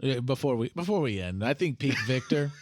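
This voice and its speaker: A man co-hosting a podcast in casual chat, hesitant and quick to laugh. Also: mid-range voice, animated, a little hiss or hum. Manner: hesitant, many fillers and restarts, laughs a lot. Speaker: podcast co-host.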